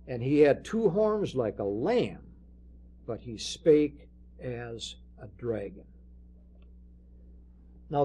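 A man's voice: fairly high pitch, mellow, husky. A man preaching a sermon, explaining scripture and reading verses aloud with emphasis.

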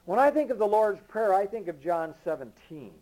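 A man preaching a sermon with emphasis, rising to loud declarations and dropping to low murmurs, reading scripture slowly and deliberately. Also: big pitch swings, poor audio. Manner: reads King James scripture slowly and deliberately.

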